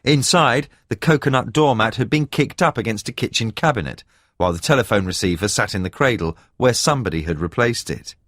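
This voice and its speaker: A man reading a thriller audiobook in the first person, telling the story at a measured pace with expressive emphasis. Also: medium pitch, no echo, studio quality. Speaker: audiobook narrator. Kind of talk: scripted first-person narration.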